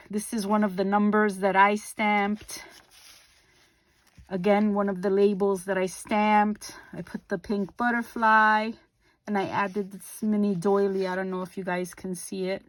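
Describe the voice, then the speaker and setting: A middle-aged woman talks through a crafting project in a slow, unhurried way. She fills pauses with ums and corrects herself as she goes, in a casual, homey narration. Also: medium pitch, no echo. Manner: relaxed and unhurried, with frequent ums and small self-corrections. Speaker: craft video host.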